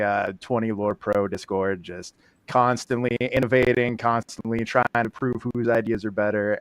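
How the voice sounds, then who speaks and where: A man's voice: mid-range voice, dry recording. A man casting a live card game tournament, giving easygoing player rundowns. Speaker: caster.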